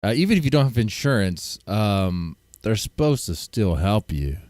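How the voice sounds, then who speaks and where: A man's voice: lowish voice, very animated, normal speed, a little mellow, dry recording, studio quality. A man streaming and reacting to clips, joking crudely and rambling with restarts. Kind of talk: casual reaction commentary.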